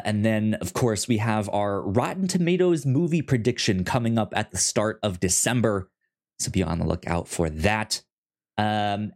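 A man's voice: on the low side, a little mellow. A man hosting a podcast, chatting casually in a rambling way with many restarts. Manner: rambling, with frequent restarts and fillers. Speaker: podcast host.

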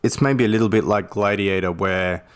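A man joining a casual film podcast as a guest, making measured, wry comparisons. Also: on the low side, smooth.

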